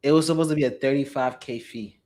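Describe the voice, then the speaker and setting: Relaxed young man chatting, slangy. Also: medium pitch, fast talker. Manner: relaxed, slangy, says bro. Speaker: real estate wholesaler. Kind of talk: casual chat.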